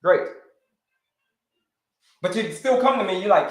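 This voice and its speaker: A man hosting a live stream as a health coach, talking in an animated way, repeating his phrases and calling his viewers folks. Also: sits high, a little fast, long pauses, roomy sound.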